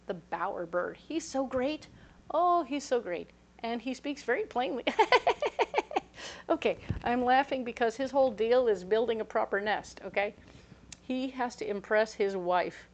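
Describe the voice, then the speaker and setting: Chatty playful woman reading tarot. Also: fairly high pitch. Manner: chatty, playful, animated asides. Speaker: tarot reader.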